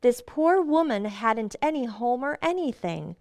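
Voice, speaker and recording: An actress playing a gentle, patient young wife and mother who soothes everyone, in 1940s radio acting. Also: on the high side, sing-song, a little slow. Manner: gentle, soothing, calling people dear.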